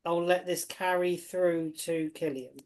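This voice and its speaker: A woman's voice: fairly low pitch, steady tone, measured pace, a little mellow. A woman narrating as game master, playful and often laughing.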